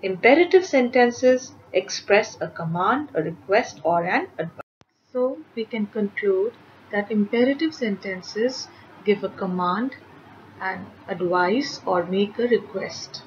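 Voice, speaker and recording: A woman teacher giving a grammar lesson to children, reading example sentences slowly and carefully. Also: mid-range voice, expressive, highs cut off, slight background noise.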